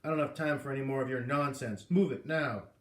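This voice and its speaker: A man's voice: medium pitch, fairly quick, fairly bright tone, close to an everyday voice. A man reading aloud, voicing a blustering, bullying corporate executive who hisses and snaps his threats, in a roomy recording. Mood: enraged. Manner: hissing, snapping, bullying. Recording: roomy echo.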